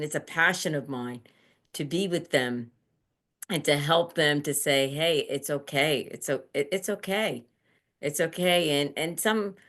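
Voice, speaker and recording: A middle-aged woman answering interview questions gently, halting and restarting as she talks. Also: deep voice. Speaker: interview guest, end-of-life doula.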